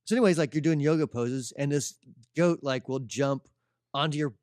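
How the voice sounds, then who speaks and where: A man's voice: fairly high pitch, moderate pace, a little mellow, no room sound, clean studio sound. A man from Indiana with a slight drawl, co-hosting a casual podcast chat, joking and laughing often. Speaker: podcast co-host.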